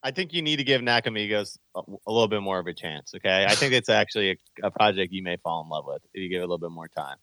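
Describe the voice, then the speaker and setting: A man on a casual podcast who talks fast and teases the others. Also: deep voice, bright, forceful tone, no room sound, rough recording.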